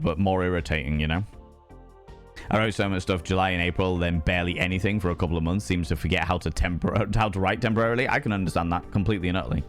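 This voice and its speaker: A young British man streaming, chatting casually with his audience in a rambling, animated way and reading out chat messages. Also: low voice. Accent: British English. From United Kingdom. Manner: rambling, animated, swears freely, reads chat aloud. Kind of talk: casual chat with chat while gaming.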